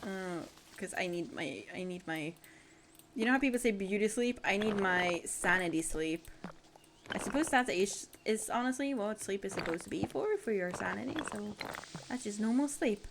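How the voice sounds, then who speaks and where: A woman's voice: mid-range voice, expressive, moderate pace, vocal fry. Sleepy woman streamer rambling to chat, voice bounces up and down a lot, noisy recording. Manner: sleepy, rambling, self-mocking. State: tired. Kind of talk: casual live-stream chat while building.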